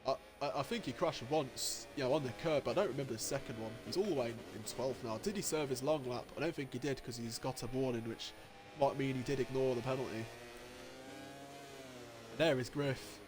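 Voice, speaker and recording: A man giving live commentary on an online motorcycle race, getting excitable and jumping high at the overtakes, with race engine noise behind him. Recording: noisy with engine sounds behind. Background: racing game engine noise.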